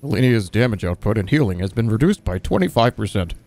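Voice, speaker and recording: A man voicing a solemn, deep-voiced male announcer reading an official notice in a mock-grave tone. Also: big pitch swings, fast, darkish tone, faint music behind.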